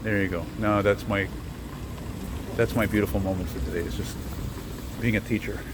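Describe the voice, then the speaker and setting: A man's voice: fairly low pitch, level tone, moderate pace. A man rambling chattily as he walks city streets at night, filming on a handheld camera. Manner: rambling, chatty, easily amused. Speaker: vlogger host. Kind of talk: casual walking vlog. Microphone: handheld camera while walking. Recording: noisy street outdoors.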